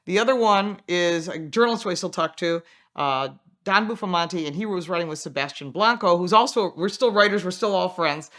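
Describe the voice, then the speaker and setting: A woman's voice: lowish voice, fairly quick. A woman who is an automotive journalist and racer, telling an anecdote in a casual way and acting out the dialogue. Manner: animated, acts out quoted dialogue.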